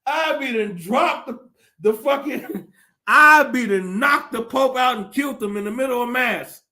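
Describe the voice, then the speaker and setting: A male podcast host in a profane, animated comedic rant, often laughing as he talks. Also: extremely high pitch, unhurried.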